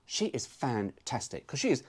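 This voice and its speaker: A man's voice: mid-range voice, sing-song, normal speed, breathy edge. A man hosting his own car video, chatting casually with cheeky, sweary jokes. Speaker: car vlogger.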